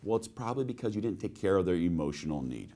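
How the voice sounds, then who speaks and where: A man's voice: low voice, fast. Guy giving a sales training talk, voice swoops up and down a lot, keeps throwing questions at the audience. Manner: animated storytelling with rhetorical questions to listeners. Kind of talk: webinar sales presentation with personal anecdotes.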